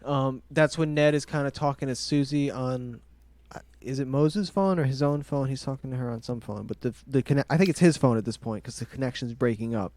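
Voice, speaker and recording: A man co-hosting a podcast, recapping a TV episode in relaxed, wry casual chat. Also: mid-range voice, brisk, dry recording. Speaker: podcast co-host.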